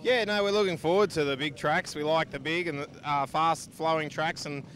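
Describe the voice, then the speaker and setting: A man's voice: on the high side, fairly even intonation, fairly quick, a bit bright, slight background noise. An Australian man, a sidecar racer, answering trackside questions steadily and matter-of-factly. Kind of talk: casual trackside interview. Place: outdoor speedway pits.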